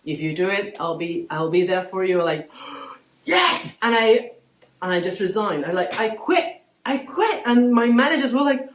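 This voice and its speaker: Woman guest, thirties, lively storyteller, slight room echo. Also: lowish voice, moderate pace, hardly any pauses. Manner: animated storytelling, acts out quoted voices. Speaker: guest artist. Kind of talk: casual interview chat. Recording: roomy echo.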